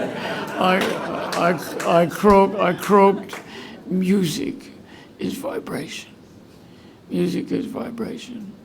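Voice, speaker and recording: A man's voice: a little high, creaky. A man speaking as the guest speaker at a recovery meeting, telling a rambling, heartfelt personal story and choking up with emotion. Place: meeting room at a school.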